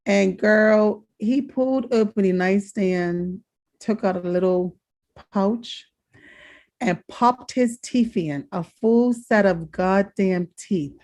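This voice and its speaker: A woman co-hosting a podcast, telling a family story in casual chat, animated and laughing often. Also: slow pace. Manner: animated, laughs often, jumps high when quoting herself. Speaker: podcast co-host.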